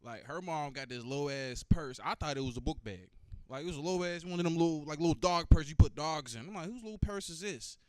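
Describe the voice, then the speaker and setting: A man doing a profane, loose stand-up comedy set and chatting with the crowd. His voice is fairly high and smooth. The sound is close and dry. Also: a little fast, no room sound.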